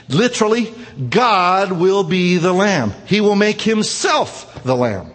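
A man's voice: high-pitched, lively intonation, measured pace, a bit bright. A man preaching a sermon, retelling a scripture story with emphatic rises and falls. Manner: emphatic preaching, rising and falling. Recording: long hall reverb.

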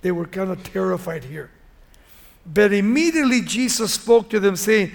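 A man preaching a sermon, retelling a Bible story in an animated, conversational way and speaking straight to his listeners. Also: sits high, normal speed, gravelly.

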